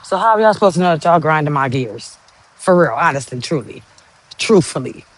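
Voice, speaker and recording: A woman's voice: sits low, animated, a little fast. A woman hosting a podcast, talking bluntly in a casual monologue full of rhetorical questions. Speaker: podcast host.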